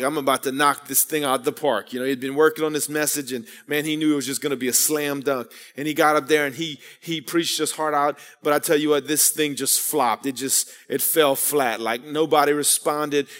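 A pastor preaches earnestly in a church sanctuary, telling stories and calling out to the congregation with few pauses. His voice is slightly high, steady, and fairly bright at a normal speed, echoing with the long reverb of the church hall.

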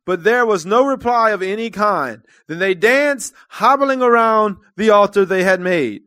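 A man preaching a sermon to his congregation. His delivery is earnest and conversational, and it swells into loud calls to the room. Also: sits high, moderate pace, few pauses, no echo. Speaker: church minister.

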